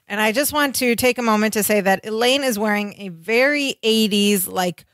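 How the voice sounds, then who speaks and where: A woman's voice: mid-range voice, moderate pace, a bit bright, no room sound. A woman co-hosting a podcast, chatting casually as she narrates a sitcom's scenes and quotes its characters. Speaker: podcast co-host. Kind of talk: casual chat recapping a sitcom.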